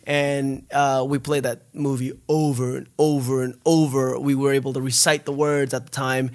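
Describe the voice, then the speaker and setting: A man's voice: medium pitch, moderate pace. A man from Indonesia telling stories in a casual podcast chat, laughing often. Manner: animated storyteller, laughs often.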